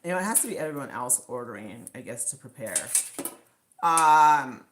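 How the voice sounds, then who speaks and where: A woman's voice: a bass voice, animated, moderate pace, fairly bright tone, a little hiss or hum. A woman chatting casually as host of a livestream from her home kitchen, rambling with lots of fillers. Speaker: live stream host.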